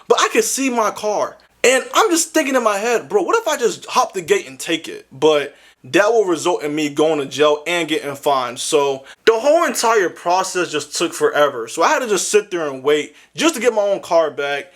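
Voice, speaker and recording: A man's voice: high-pitched, a bit bright. A young man telling a comedic story with lots of slang, sounding exasperated. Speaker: animated storyteller.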